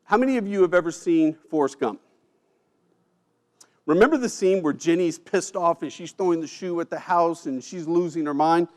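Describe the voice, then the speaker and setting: Guy speaking onstage, tells his life story, gets emotional, goes quiet for the heavy parts, a bit high. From United States. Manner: emotional, dramatic pauses, drops quiet for heavy moments. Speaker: keynote speaker. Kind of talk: personal storytelling speech. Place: event stage.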